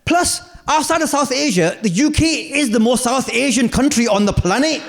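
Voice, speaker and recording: Lively British man doing stand-up, high and animated. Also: moderate pace. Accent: British English. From United Kingdom. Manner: animated, playful, with sudden jumps in pitch. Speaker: stand-up comedian. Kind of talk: live stand-up comedy. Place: large theatre stage.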